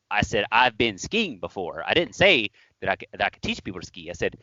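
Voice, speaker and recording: A man's voice: lowish voice, fast, few pauses, no room sound, muffled recording. A man co-hosting a podcast, telling a story in casual chat, acting out quotes and laughing. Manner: animated, laughing, acts out quotes. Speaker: podcast co-host.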